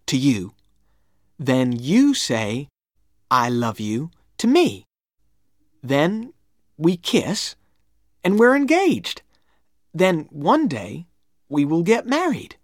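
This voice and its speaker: A woman's voice: low voice, sing-song, drawn-out words, pauses often, no room sound, studio quality, pitched above the performer's own voice, full character voice. A woman voicing an eager, talkative young schoolboy in an earnest, pleading way for a read-aloud storybook.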